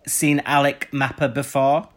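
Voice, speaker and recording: A man's voice: medium pitch, little pitch movement, unhurried. A man co-hosting a casual podcast chat, giving blunt, opinionated takes and swearing freely. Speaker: podcast co-host. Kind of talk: casual chat reviewing a TV show.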